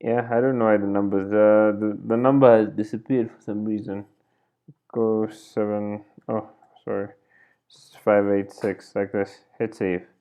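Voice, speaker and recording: A man's voice: on the low side, flat delivery, measured pace, lo-fi sound. A man teaching a coding tutorial over a screen recording, thinking aloud as he types and correcting himself along the way. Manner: thinks aloud while typing, self-correcting. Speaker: programming tutor.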